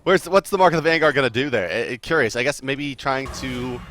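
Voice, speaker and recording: A man casting an esports match, energetic and chatty, laughing often. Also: mid-range voice, fast, slight background noise. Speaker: esports caster. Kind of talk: play-by-play commentary.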